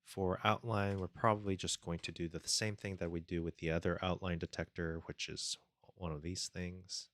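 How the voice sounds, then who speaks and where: Speaking at a moderate pace, this man has a low, level and fairly bright voice with no room sound. He codes his game live on stream, thinking aloud and muttering into a close desk mic while casually reading chat and thanking viewers.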